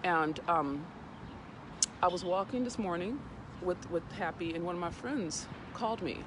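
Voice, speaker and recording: A woman's voice: fairly low pitch, expressive, a little slow, background noise. An emotional woman hosting a casual talk while outdoors on a morning walk, earnest and heartfelt, repeating words as she collects herself, speaking into a handheld phone. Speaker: host. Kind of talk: casual direct-to-camera talk.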